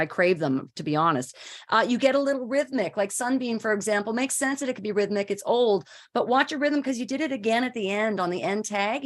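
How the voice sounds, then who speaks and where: A woman judging a voice-over contest, giving enthusiastic, encouraging feedback. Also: medium pitch. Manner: warm, enthusiastic praise. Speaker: judge. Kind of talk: encouraging critique.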